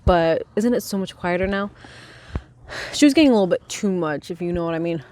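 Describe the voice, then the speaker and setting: Outdoors beside a chicken coop, a woman hosts a book club podcast, filmed on a handheld phone while chickens cluck nearby. She chats in a rambling, excitable, casual way and swears freely. Her voice is fairly low, her pace brisk, with slight background noise.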